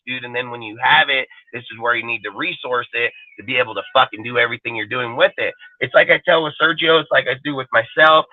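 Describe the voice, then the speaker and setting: A man's voice: a little high, no room sound. A man ranting on a live fan stream, blunt and full of swearing. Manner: profane, blunt and emphatic. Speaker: fan show panelist. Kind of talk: heated live-stream rant. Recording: phone-quality line, dry sound.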